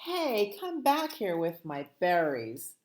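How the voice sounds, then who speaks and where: A woman's voice: on the low side, huge pitch swings, takes it slowly, a little mellow, exaggerated voice. A woman voicing a hungry, grumpy male bear in a children's storybook reading, calling out indignantly.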